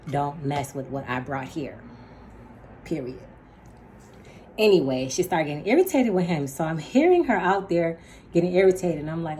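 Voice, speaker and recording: A woman telling a story casually, emphatic and animated, with laughs and slang asides. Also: sits low, slight background noise. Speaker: storyteller vlogger.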